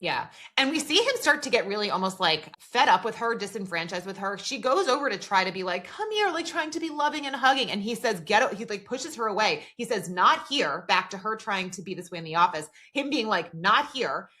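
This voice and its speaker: A woman's voice: mid-range voice, expressive, brisk, few pauses, sharp tone. A woman co-hosting a podcast in casual chat, retelling scenes and reading out dialogue, with lots of "like" fillers. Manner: frequent "like" fillers. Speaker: podcast co-host.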